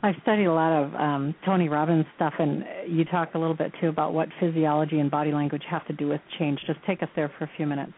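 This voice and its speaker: Low-voiced woman host on tinny radio. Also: fairly even intonation, quick pace, hardly any pauses. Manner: chatty, conversational. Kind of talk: radio interview. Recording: tinny radio sound with faint hiss.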